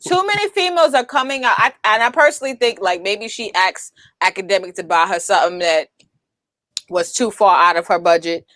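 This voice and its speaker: A woman's voice: mid-range voice, a little fast, fairly bright tone, no echo. A woman co-hosting a casual podcast chat, blunt and opinionated, often laughing. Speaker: co-host.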